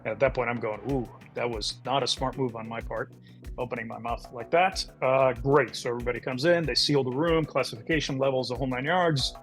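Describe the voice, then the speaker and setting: A man's voice: mid-range voice, a little fast, faint music behind. A middle-aged man, a podcast guest, telling a story in conversation and acting out the voices of the people in it.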